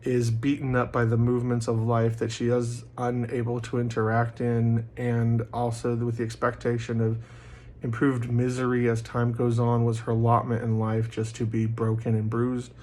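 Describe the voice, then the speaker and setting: Man vlogger, mid pitch, rambling casual monologue full of fillers, bursts into loud quoted voices. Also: completely flat delivery, moderate pace, a little hiss or hum. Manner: acts out quoted voices loudly.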